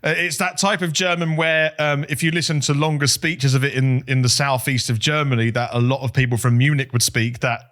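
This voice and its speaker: A man's voice: medium pitch, steady tone, a little fast, hardly any pauses, fairly bright tone. A man co-hosting a casual educational podcast, explaining things in a chatty way, laughing often and correcting himself as he goes. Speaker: podcast co-host.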